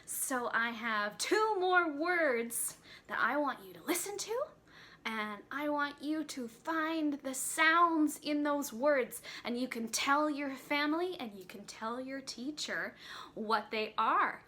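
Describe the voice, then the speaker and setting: A woman teacher leading a playful children's phonics lesson, singing songs and slowly sounding out words. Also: sits high, expressive, bright, forceful tone.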